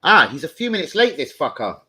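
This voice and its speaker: A man hosting a football fan livestream, talking in an excitable, sweary, rambling way. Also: on the high side, a little fast, breathy edge. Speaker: host of a football fan show. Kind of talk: casual livestream chat.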